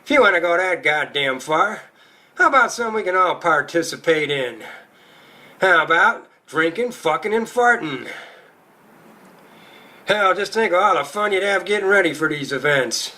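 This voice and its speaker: Crude, high-voiced male stand-up comic. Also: animated, normal speed, pushed and bright. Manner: crude, profane, rowdy storytelling. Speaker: stand-up comedian. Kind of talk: stand-up comedy routine.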